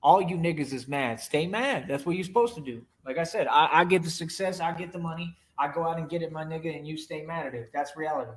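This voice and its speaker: Man, boastful, taunting, slightly high voice. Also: fast talker, hardly any pauses. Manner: boastful, taunting, repeats "right?". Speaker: streamer in a reacted clip. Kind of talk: boastful rant to viewers.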